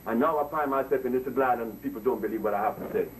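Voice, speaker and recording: A man's voice: medium pitch, fast. A man addressing an audience in an impassioned lecture, preachy and emphatic, repeating words for emphasis. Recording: distant mic with faint noise.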